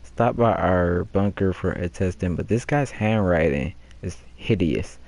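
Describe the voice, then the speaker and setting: A man's voice: low voice, measured pace, darkish tone, dry recording. A man streaming a video game, casually reading posters aloud and joking and laughing at them. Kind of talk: casual let's-play commentary.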